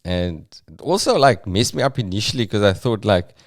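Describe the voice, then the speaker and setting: A South African man hosting a comedy podcast, talking thoughtfully in a halting monologue. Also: on the low side, animated. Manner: thoughtful, halting, uses fillers. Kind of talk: reflective comic podcast monologue.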